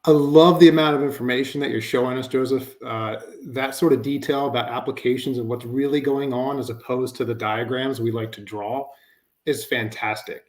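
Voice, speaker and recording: A man's voice: medium pitch, steady tone, normal speed. A man giving a conversational webinar presentation, explaining with frequent fillers like "you know" and "um.".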